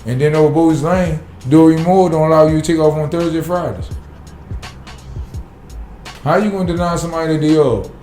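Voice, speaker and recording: A man's voice: a little high, brisk, long pauses, warm tone, roomy sound, faint music behind. A man, a city sanitation worker talking bluntly and profanely in a casual podcast interview.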